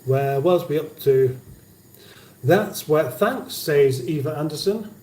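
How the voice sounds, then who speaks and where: A man's voice: fairly high pitch, lively intonation, slow, a little mellow. A man hosting a cooking livestream from his home kitchen, chatting casually and reading viewer comments aloud with dry banter. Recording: roomy kitchen sound from a distance.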